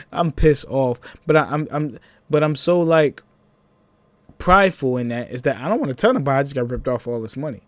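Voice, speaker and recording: A young man with a Philadelphia accent, telling a personal story in a casual, animated vlog, with laughing asides. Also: a little high, moderate pace, dry recording.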